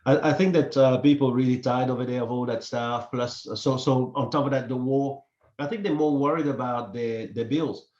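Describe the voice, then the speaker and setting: A man hosting a casual podcast chat, talking haltingly and often repeating words. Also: mid-range voice, fairly even intonation, darkish tone. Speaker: podcast host. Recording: echoey room, dull lo-fi sound.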